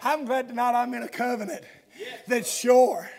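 A man preaching a fiery revival sermon, shouting and drawling, dropping an amen after nearly every line. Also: extremely high pitch, moderate pace, creaky. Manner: shouting, drawling, dialectal grammar, constant amens.

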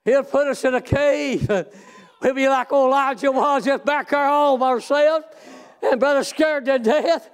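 A man preaching a fervent sermon in folksy, plain speech, breaking often into shouts and drawn-out exclamations. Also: extremely high pitch.

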